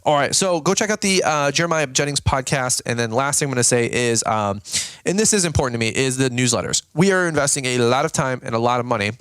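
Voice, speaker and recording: A man's voice: medium pitch, expressive, quick pace, fairly bright tone, smooth, dry recording. A man hosting a lawn care business channel, giving viewers a casual, rambling update full of "dude" and "okay?".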